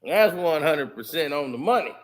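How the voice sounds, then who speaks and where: A man giving casual, animated sports commentary on his channel, laughing often. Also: fairly high pitch, normal speed. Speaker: YouTube commentator.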